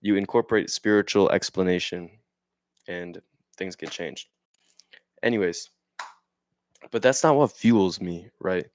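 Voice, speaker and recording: A man's voice: low-pitched, a little mellow, dry recording. A young man in casual talk, reading passages aloud and riffing on them in a rambling, slangy way, often asking "right?". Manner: reads passages aloud then riffs on them. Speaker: vlogger. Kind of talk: casual explanatory monologue.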